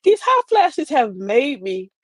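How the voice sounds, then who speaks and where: A woman in her forties hosts a casual livestream monologue and talks straight to her viewers. Her pitch sits fairly high and swings widely as she performs the quoted voices. The sound is dry and close. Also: sing-song, takes it slowly, dry recording. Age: 40s. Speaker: livestream host.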